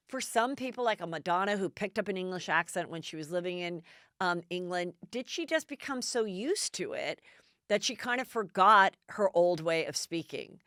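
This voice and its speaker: A chatty middle-aged woman gossiping on her podcast, her voice smooth and clear. She talks close to the mic in a dead, dry room and keeps acting out what other people said. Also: mid-range voice, moderate pace, no echo. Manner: chatty, animated, acts out quotes in other voices. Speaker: podcast host. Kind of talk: casual gossip commentary.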